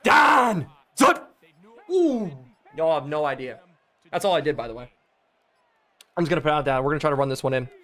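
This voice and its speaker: A young man streaming a football video game, calling the plays excitedly and chatting with his viewers, his voice worn out. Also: mid-range voice, fast talker, long pauses. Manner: excitable, talks to chat, play-by-play calls. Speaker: gaming streamer.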